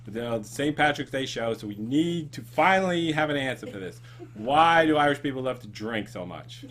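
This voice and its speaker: A man's voice: medium pitch, expressive, brisk, fairly bright tone, slight background noise. A man hosting a casual comedy chat show, rambling with ums and laughs. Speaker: show host.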